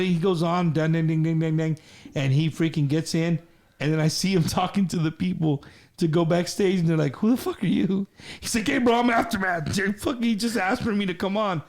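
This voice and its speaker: A man's voice: on the high side, darkish tone. A man hosting a group talk show, telling a long story in a rambling, profane way, repeating himself often. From Texas. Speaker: host. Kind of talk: loud storytelling in group chat.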